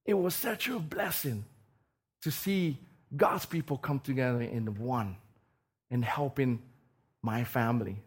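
A man preaching a sermon, telling a personal story, swinging between loud bursts and soft asides and often repeating words. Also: medium pitch, measured pace, pauses often, slightly rough.

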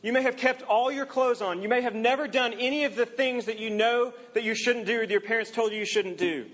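Earnest high-voiced male preacher. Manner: earnest, rises loud for emphasis then drops very quiet. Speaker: campus minister. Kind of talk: sermon.

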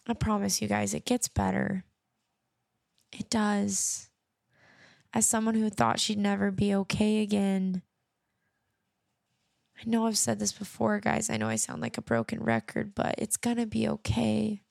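Talking about faith to her listeners, this young podcast host sounds earnest and reassuring, repeating phrases often. She speaks unhurriedly in a mid-range, gravelly, darkish voice with long pauses, captured in a clean studio with no room sound.

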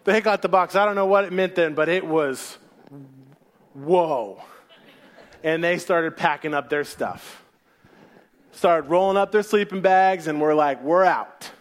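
A male pastor preaching a sermon as an animated storyteller who acts out the scenes. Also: a little high, a little slow, long pauses.

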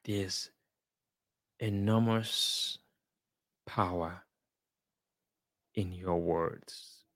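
Slow, earnest man giving life advice. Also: low-pitched, steady tone, fairly bright tone, no echo, clean studio sound. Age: adult, father of a young child. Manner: earnest, encouraging, measured with emphatic repeats. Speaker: speaker sharing life advice. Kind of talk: slow inspirational talk.

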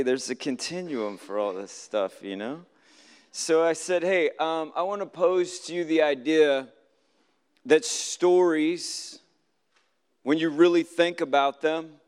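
A preacher with a slightly high, smooth voice gives a conversational Shabbat teaching, recounting stories from his week, acting out what people said, and posing questions to the congregation. It's a live hall recording with long reverb.

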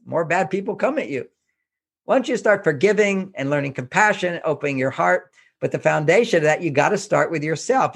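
A man's voice: a little high, vocal fry. An older man from Houston, Texas, an author speaking as an interview guest, giving earnest, emphatic self-help advice and repeating his points.

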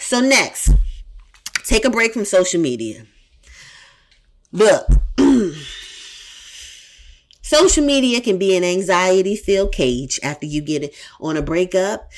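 A woman podcast host giving casual advice in a blunt, profane, emphatic way, repeating her points for emphasis. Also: medium pitch.

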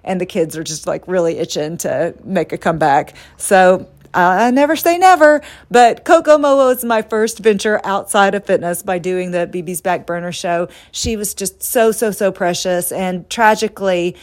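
Animated middle-aged woman telling stories. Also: fairly low pitch, moderate pace, hardly any pauses. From United States. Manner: animated and candid, acts out quotes. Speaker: podcast host. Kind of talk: personal storytelling monologue.

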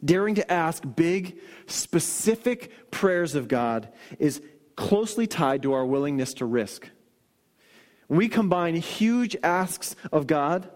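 A man preaching a sermon as a pastor, telling stories and dropping to soft, earnest emphasis on key lines. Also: on the high side, big-room sound. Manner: storytelling, shifts into quoted voices and soft emphatic lines.

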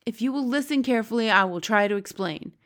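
A woman's voice: fairly high pitch, lively intonation, quick pace, voice pushed up, natural voice. A woman voicing a big, kindly old male giant who talks in mangled, made-up words and broken grammar. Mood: jolly.

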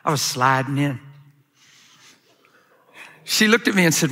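A middle-aged man preaches with animated storytelling, slipping into acted-out voices. His tone is forceful and bright, a little high for a man. The sound carries the long reverb of a large hall. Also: measured pace. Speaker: pastor. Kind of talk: sermon.

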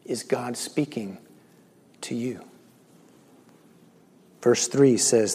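A male pastor giving a sermon, swinging between loud emphatic lines and slow, hushed, near-whispered ones. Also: mid-range voice, breathy edge. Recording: long echo of a large hall.

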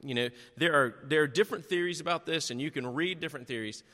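A middle-aged man preaching a sermon, telling stories in an animated, chatty and self-deprecating way. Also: a little high, fast. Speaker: pastor. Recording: long echo of a large hall.

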